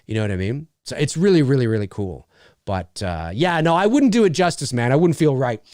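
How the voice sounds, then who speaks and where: A man's voice: medium pitch, very animated, a little fast, darkish tone, dry recording, studio quality. A middle-aged man and voice actor hosting a casual livestream, rambling with lots of fillers as he reads viewer messages. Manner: rambling, many fillers and restarts.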